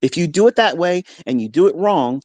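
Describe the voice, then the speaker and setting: A middle-aged man, a trading mentor, talking unfiltered in a live audio room from his home basement, blunt and heavily profane, at times breaking into heated yelling. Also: fairly high pitch, lively intonation, a little fast, no room sound.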